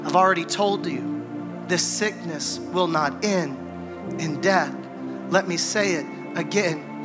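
High-voiced man preaching over music. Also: unhurried. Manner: conversational preaching, acts out scripture dialogue. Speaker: pastor. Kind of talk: sermon. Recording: music playing behind.

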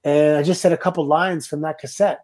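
Middle-aged Canadian man, warm mellow guest voice, easygoing laughing storyteller. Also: fairly high pitch, fairly quick. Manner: relaxed, laughing anecdotes. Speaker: guest, former pro wrestler. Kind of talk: casual storytelling.

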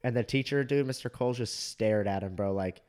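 A man's voice: medium pitch, fairly quick, darkish tone, clear, resonant tone. A young man from Southern California co-hosting a podcast, telling crude stories in a loose, casual way and laughing often. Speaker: podcast co-host. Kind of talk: casual chat.

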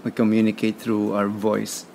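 This podcast guest, a man from the Philippines with a Filipino accent, has a low, gravelly, slightly mellow voice and a completely flat delivery at a moderate pace. Even so, his interview talk is emphatic and motivational, and he tends to repeat words.

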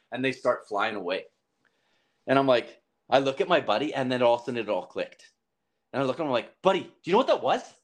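A young man tells a story as a podcast guest. He talks casually and with lots of life. He jumps up in pitch whenever he acts out a line someone said. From southern Alberta, Canada. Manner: animated, acts out quoted lines with big pitch jumps.

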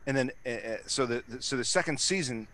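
A man's voice: mid-range voice, expressive, a little fast, a bit bright. A man in casual chat, rambling and swearing, with many restarts and fillers.

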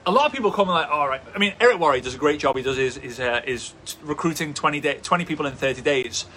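A man coaching a live audience, his voice bright and forceful and pitched a bit high. He talks with energy and drives each point home by repeating it. A faint room ambience sits behind him. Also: a little hiss or hum. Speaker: host, business coach. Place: indoors, traffic passing outside.

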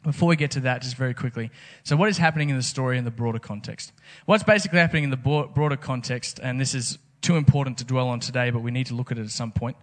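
A man's voice: medium pitch, fast talker, few pauses. A man preaching a casual, conversational sermon, full of rhetorical questions. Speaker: pastor.

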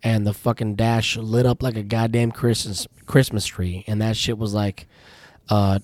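A man's voice: fairly low pitch, flat delivery, measured pace, a little mellow, dry recording. A man co-hosting a casual podcast, ranting through profane stories about his work at a tire shop. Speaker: podcast co-host.

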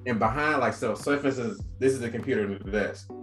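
A man on a podcast telling wild, profane stories about a friend's messy house in a loose, animated way. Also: mid-range voice, fast, roomy sound, soft background music. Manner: animated, slangy, profane storyteller. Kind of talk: casual storytelling chat.

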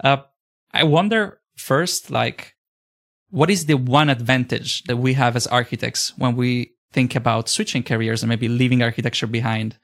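A man's voice: mid-range voice, moderate pace. Italian man hosting a podcast. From Italy. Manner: energetic, scripted intro then chatty. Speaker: podcast host. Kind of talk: podcast interview. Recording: loud music behind intro. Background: loud music.

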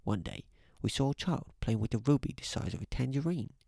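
A man putting on an older butler's voice, calm and measured. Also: medium pitch, creaky, no echo, studio quality. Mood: solemn.

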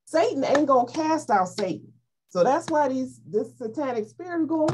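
A woman leading an informal Bible study, animated and playful as she explains scripture. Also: high voice, normal speed, a little hiss or hum. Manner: animated, playful, acts out voices in quotes. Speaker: Bible teacher.

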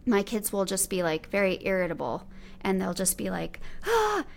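A woman's voice: medium pitch, fairly even intonation, moderate pace, vocal fry. A woman in her thirties hosting a podcast, chatting in an enthusiastic, affirming way. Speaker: podcast host. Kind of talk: casual interview chat.

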